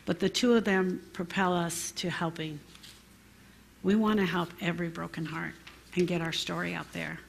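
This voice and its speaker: A woman with a gravelly, slightly husky voice leads a grief recovery class. She explains the material plainly and conversationally, speaking straight to the group. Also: mid-range voice. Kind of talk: teaching a class.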